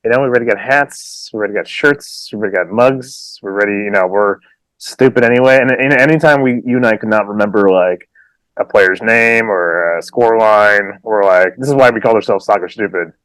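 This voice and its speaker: Laughing, animated podcast guy. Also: fairly low pitch, moderate pace, clear, resonant tone, no room sound. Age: adult with children. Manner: animated, laughs often, slips into silly voices. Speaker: podcast co-host. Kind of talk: casual chat.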